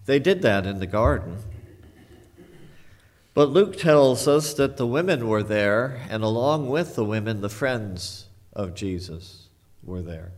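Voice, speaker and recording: Male pastor, lowish voice, slow measured sermon delivery, reflective storyteller. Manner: reflective storytelling, retelling scripture.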